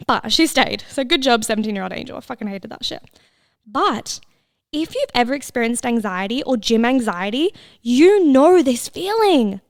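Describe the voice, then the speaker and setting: A woman's voice: fairly high pitch, expressive, normal speed, no echo, studio quality. A woman, hosting a casual solo podcast, chatty and laughing, swearing freely and sometimes dropping into whispers. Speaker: podcast host. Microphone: close mic with headphones listeners.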